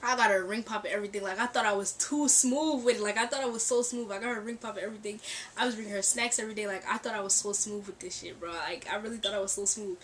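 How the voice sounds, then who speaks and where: A young woman storytime vlogger tells a casual story from her bedroom near a street, sitting far from the mic so there's faint ambience and noise, with cars passing outside. Her medium-pitched voice is fast and animated; she acts out quoted dialogue and laughs often.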